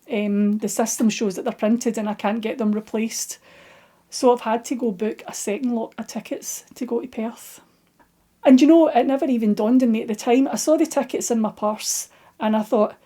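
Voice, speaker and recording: A middle-aged woman with a soft Scottish accent talks her viewers through her crafting week from a table at home. Her voice sits a little high but sounds mellow and warm. She rambles in an easy, chatty way and pokes fun at herself as she goes. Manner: rambling, self-deprecating, chatty. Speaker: knitting video host. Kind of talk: casual chat.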